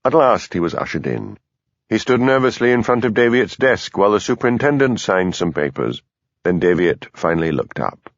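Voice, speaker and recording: A man narrating an audiobook in a measured, even storytelling manner. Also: fairly low pitch, dry recording, highs cut off. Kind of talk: scripted narration.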